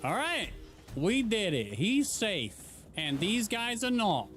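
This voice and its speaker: A man streaming a game playthrough, talking casually in a joking, excitable way. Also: high-pitched, slow, soft background music. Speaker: gaming streamer. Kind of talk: casual let's play commentary.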